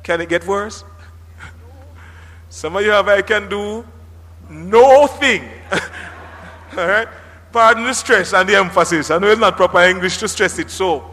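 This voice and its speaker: A man preaching a sermon as pastor, animated, with dramatic emphasis and occasional shouts. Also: sits high, a little slow, long pauses. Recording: reverberant hall.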